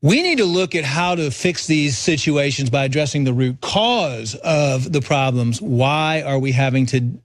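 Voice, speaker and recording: A man speaking as a guest on a talk show, earnestly listing complaints in quick succession. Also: mid-range voice, lively intonation, dry recording, clean studio sound.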